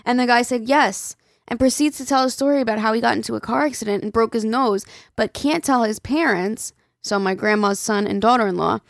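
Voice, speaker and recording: Chatty gravelly-voiced woman podcast host. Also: a little high, a little fast, no room sound, clean studio sound. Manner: chatty, swears casually, laughs often. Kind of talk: casual podcast chat, reading listener emails.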